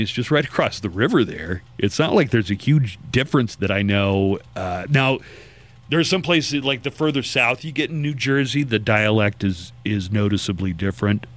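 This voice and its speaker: A man's voice: lowish voice, lively intonation, moderate pace. A man hosting a call-in radio talk show, chatting casually and rambling through a list.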